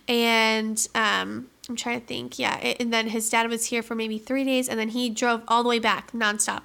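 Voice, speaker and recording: A young woman talks in a relaxed, chatty way and keeps returning to "like." Her voice sits a bit high and sounds bright and clear, and she laughs a little as she tells her story. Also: moderate pace, hardly any pauses. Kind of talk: casual chat.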